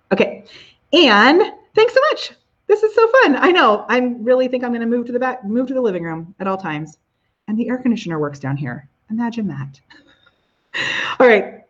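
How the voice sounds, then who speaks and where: A bubbly woman hosts a casual live stream from her living room, gushing and exclaiming as she chats with viewers. Her voice sits in a middle register, and the sound is a little dull and lo-fi. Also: medium pitch. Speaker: host of a live business video show.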